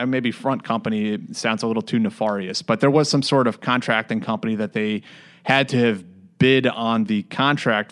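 A man's voice: lowish voice, a bit bright, smooth. A man from the United States talking through a story in casual podcast chat, with frequent fillers and restarts. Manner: conversational, many fillers and restarts.

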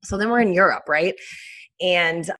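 Chatty bright-voiced woman telling a story. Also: lowish voice, normal speed. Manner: chatty, animated, many fillers. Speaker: guest. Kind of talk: casual storytelling interview.

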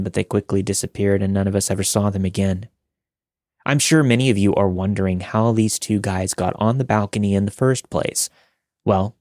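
A man reading listener-submitted scary stories aloud in a steady, measured first-person narration. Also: lowish voice, no room sound, studio quality. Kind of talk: scripted horror story narration.

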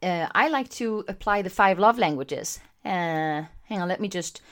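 A woman with a lowish voice and moderate pace hosts a laid-back podcast at home that's streaming live too. Chatty and energetic, she shouts out viewers tuning in.

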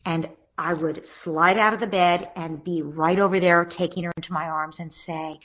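A woman and parenting author, guest on an interview, explaining steps in a calm, gentle, instructive way. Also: fairly low pitch, moderate pace, hardly any pauses, low-quality recording.

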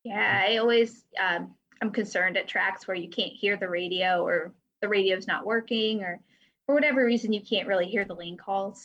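A woman from a drag racing timing system company chats casually as an interview guest. Her voice is bright and medium-pitched, heard over a dull line. She is talkative, with frequent fillers and light laughs.

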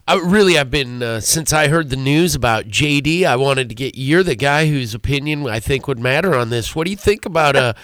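A man's voice: medium pitch, animated, fairly quick, hardly any pauses, a bit bright, smooth, dry recording. A man co-hosting a sports talk radio show, asking long, rambling questions.

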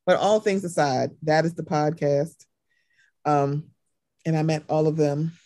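A woman from Maryland hosting a podcast, telling stories in casual chat and acting out quotes with big jumps in pitch. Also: fairly even intonation, a little slow, warm tone, no echo, clean studio sound. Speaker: podcast host.

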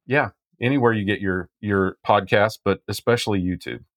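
A man's voice: fairly low pitch, moderate pace, no room sound, studio quality. A man co-hosting a live business show, tossing in joking, chatty asides. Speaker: livestream co-host. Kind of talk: casual live show banter.

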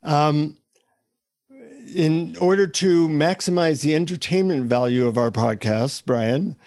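A man's voice: a little high, slow, darkish tone, no room sound. A man co-hosting a podcast over a video call, explaining ideas in a reflective, conversational way. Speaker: podcast co-host. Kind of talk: casual conversation.

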